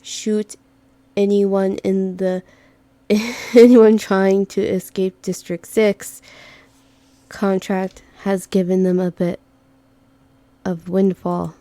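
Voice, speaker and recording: Brief: woman reading a deadpan, monotone sidekick in a game, slow and mellow. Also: mid-range voice, dry recording, close to an everyday voice. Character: low-key, dry, monotone companion character.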